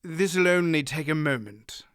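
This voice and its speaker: A man's voice: a little high, lively intonation, a little slow, a bit bright, smooth, no room sound, studio quality. A man doing a nervous, lisping merchant. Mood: polite. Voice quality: slight lisp. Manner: polite and nervous. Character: thin, nervous bald male merchant.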